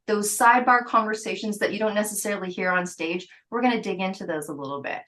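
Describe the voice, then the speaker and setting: A woman in her fifties hosting a podcast, talking in a chatty, animated way and stretching some phrases out. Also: medium pitch, quick pace, few pauses, rough recording. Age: 50s. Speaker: podcast host. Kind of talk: casual interview chat.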